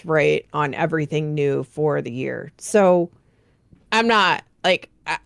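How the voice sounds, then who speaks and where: Female guest commentator, lowish voice, dry close sound, thinks aloud and hedges often. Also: no room sound. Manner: thoughtful, hedging, lots of "like" and "right?". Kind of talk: casual discussion.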